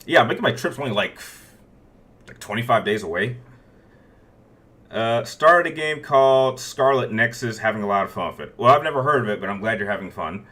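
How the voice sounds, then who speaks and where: A man in his thirties hosts a relaxed Q&A, answering viewer questions one after another. His voice is bright and forward, and he often restarts his sentences as he thinks aloud. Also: mid-range voice, a little fast. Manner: rambling, many restarts, chuckles between answers. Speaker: YouTube Q&A host.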